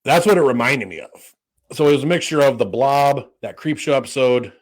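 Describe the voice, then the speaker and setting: Rambling casual man, mid-pitched. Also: lively intonation, fairly quick. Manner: rambling, lots of fillers and restarts; swears freely. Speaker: podcast co-host. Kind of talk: casual chat.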